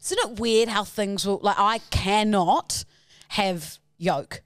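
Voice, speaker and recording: A woman's voice: medium pitch, takes it slowly, no room sound, studio quality. A woman co-hosting a podcast, chatting casually, swearing and firing off teasing comebacks. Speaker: podcast co-host. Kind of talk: casual banter.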